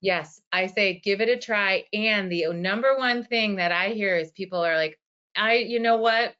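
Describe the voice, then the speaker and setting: A woman's voice: medium pitch, moderate pace, pushed and bright, clear, resonant tone. A woman in her forties, a physical therapist, answering questions in a webinar in an earnest, conversational way with many fillers. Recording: dull lo-fi webinar audio.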